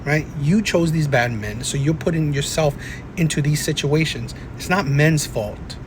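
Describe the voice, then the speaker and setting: A man's voice: a little high, unhurried, background noise. A man hosting reaction commentary, ranting and tagging his points with "right?". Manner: ranting, keeps asking "right?". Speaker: commentary host. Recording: echoey room.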